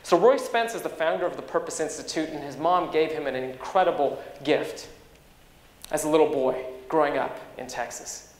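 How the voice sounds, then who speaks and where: A man giving a motivational keynote speech, an energetic storyteller who swings in pitch and loudness. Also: moderate pace. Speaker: keynote speaker. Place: large conference hall. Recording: echoey conference hall with long reverb.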